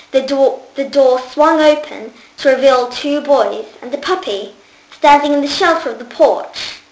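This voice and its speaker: Woman reading a kids book out loud, lively, high voice, roomy echo. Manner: lively, raises voice for characters' lines. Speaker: reader. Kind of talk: reading a children's book aloud.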